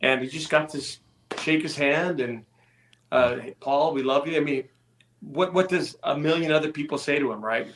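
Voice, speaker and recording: Musician guest in echoey room. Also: male voice, on the high side, moderate pace. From California. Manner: relaxed storytelling, self-deprecating. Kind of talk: casual interview chat.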